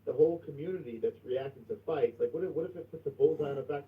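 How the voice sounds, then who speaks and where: A man hosting a livestream, ranting loudly and swearing a lot about rival channels. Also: a little high, fast. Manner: profane, loud, shouting rants. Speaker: livestream host. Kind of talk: casual livestream rant. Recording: distant, muffled stream audio.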